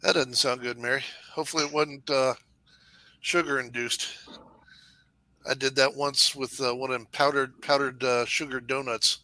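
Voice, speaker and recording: A man's voice: mid-range voice, flat delivery, moderate pace, pushed and bright. A man bantering in a casual live-stream chat, folksy and teasing.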